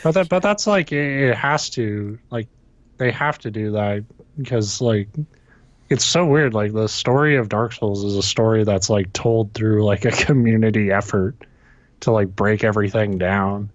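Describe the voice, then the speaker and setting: A man's voice: on the low side, moderate pace, no room sound, muffled recording. A man co-hosting a casual gaming podcast who talks hesitantly, with lots of fillers and casual swearing. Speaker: podcast co-host.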